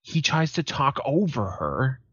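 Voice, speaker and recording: A man's voice: mid-range voice, a little slow, slightly rough, no echo, lo-fi sound. A man, co-hosting a podcast and telling profane stories in a casual chat. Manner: profane storytelling, animated quoted voices. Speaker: podcast co-host.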